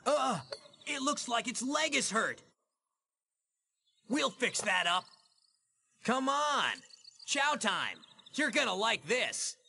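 A man's voice: extremely high pitch, sing-song, slow, creaky, long pauses, sharp tone, breathy edge, exaggerated voice. A hammy, lovestruck young guy. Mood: earnest.

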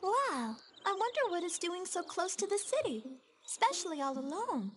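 A sharp-tongued cartoon teenage girl with a very high voice, tossing out sarcastic asides. Her pitch swings widely, with noise audible behind her. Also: very animated, normal speed, heavily acted. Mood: sardonic.

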